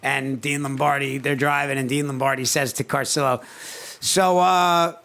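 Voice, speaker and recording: A man's voice: medium pitch, little pitch movement, brisk, creaky, bright, forceful tone. A man co-hosting a podcast, a former hockey player telling chatty anecdotes with frequent laughs. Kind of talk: casual storytelling chat.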